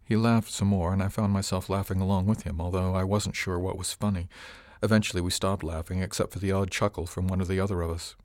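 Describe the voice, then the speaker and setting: Guy narrating an audiobook in first person, steady, low voice. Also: fast talker, no room sound, clean studio sound.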